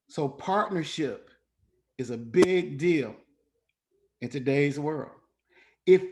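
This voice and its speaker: Man, slightly high voice, informal class leader, animated and salty-mouthed, online call. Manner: animated and profane, acting out quotes in other voices. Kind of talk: informal coaching talk.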